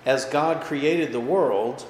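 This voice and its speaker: A pastor's voice at an ordinary mid pitch fills a roomy, echoing hall, with a long reverb tail behind each phrase. He teaches in a casual, chatty way, keeps asking "okay?" and "right?", and punches key words up when he wants them to land. A faint hum of background noise sits under the room. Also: slow. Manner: casual, checks in with listeners with frequent "okay?" and "right?"; lively, pushes his voice up for emphasis. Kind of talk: conversational Bible study teaching.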